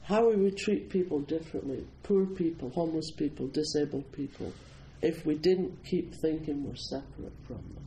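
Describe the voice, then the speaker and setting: A man's voice: a little high, moderate pace, few pauses, warm tone, slight background noise, poor audio. A Scottish man from Scotland giving an informal, humorous Buddhist talk, telling stories and often chuckling. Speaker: Buddhist teacher.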